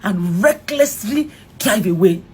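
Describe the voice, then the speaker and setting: A middle-aged Nigerian actress tells an emotional story during an interview, her voice medium-pitched and slow over slight background noise. She's animated, acting out what other people said and frequently starting her sentences over.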